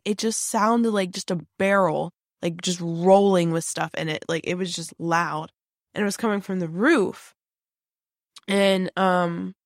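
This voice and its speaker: A woman tells a long dream story in a loose, rambling way, stopping and restarting her sentences often. She sits close to the mic in a dry, dead room, at an ordinary middle pitch. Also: dry recording. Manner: rambling, halting, lots of fillers and restarts. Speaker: team psychic on a paranormal show. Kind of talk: casual storytelling chat.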